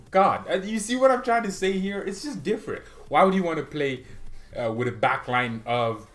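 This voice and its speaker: Animated, argumentative male fan vlogger. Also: on the high side, normal speed. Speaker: football fan channel host. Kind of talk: casual opinion vlog.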